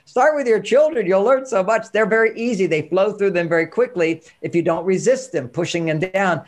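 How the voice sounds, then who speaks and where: A man coaching parents on emotions, telling stories and acting out the dialogue in an animated way. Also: high-pitched, brisk. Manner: animated storytelling, acts out dialogue. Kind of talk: instructional talk with anecdotes.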